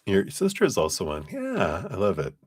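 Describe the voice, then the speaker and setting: A man's voice: low voice, huge pitch swings, normal speed, breathy edge, no echo, studio quality. A man doing a casual live tarot reading, chatty and loose in his phrasing, often breaking into laughter. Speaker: tarot reader on a live stream.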